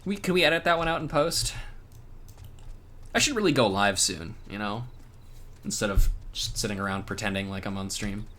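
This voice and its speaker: A man's voice: on the low side, normal speed, long pauses, bright, forceful tone. A man streaming himself reading a game aloud, joking and rambling in casual chat.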